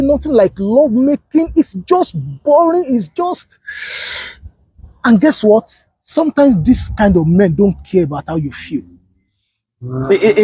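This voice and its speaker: Male pastor, husky high voice, lively swings in pitch, slightly dull lo-fi recording. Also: dry recording. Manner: animated, storytelling with quoted dialogue, sudden high exclamations. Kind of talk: sermon on marriage.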